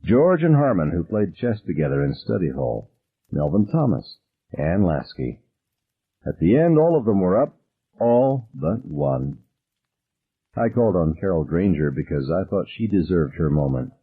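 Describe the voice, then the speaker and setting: Male narrator, audiobook, husky, animated delivery, tinny phone-like audio. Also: deep voice, measured pace. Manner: dramatic and expressive.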